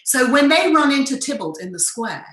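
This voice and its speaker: Bright, lively woman storyteller. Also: high-pitched, normal speed. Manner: enthusiastic, expressive, explains with examples. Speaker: theatre director leading a workshop. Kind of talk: storytelling lesson. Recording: roomy echo.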